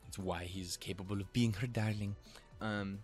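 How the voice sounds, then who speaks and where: A man's voice: fairly low pitch, fairly even intonation, moderate pace, soft background music. A man casually recapping an anime episode, rambling and swearing freely with chuckling asides. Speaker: anime reviewer.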